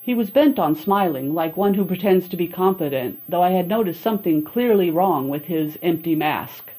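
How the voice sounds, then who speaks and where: A woman reading a horror-comedy audiobook as a steady first-person storyteller. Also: lowish voice, normal speed, poor audio. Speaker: audiobook narrator. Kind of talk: scripted narration.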